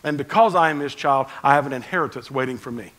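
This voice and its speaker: Bright, animated preaching man. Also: mid-range voice, quick pace, rough recording. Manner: conversational preaching, swinging between loud emphasis and quiet asides. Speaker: pastor. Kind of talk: sermon.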